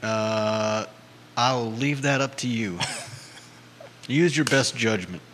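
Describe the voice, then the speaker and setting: A man's voice: medium pitch, slow pace, fairly bright tone, big-room sound, slight background noise. Dry, hesitant male co-host. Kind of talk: casual banter.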